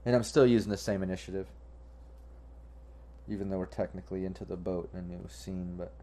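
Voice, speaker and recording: A man's voice: low voice, steady tone, brisk, warm tone, a little hiss or hum. A man running a tabletop game as game master, narrating in a casual, rambling, profane way.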